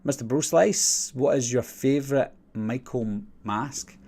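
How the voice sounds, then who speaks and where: A man's voice: mid-range voice, measured pace, darkish tone. A young man with a Glaswegian Scottish accent, hosting a casual live-stream Q&A and rambling through viewer questions with many fillers. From Scotland. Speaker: channel host.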